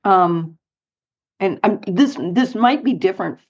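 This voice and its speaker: A middle-aged woman recounts her travels as an interview guest, animated and given to light laughs. Her voice sits at a middle pitch. The recording sounds dull and lo-fi. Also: unhurried. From United States, Colorado. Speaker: guest, author and speaker. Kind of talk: storytelling interview.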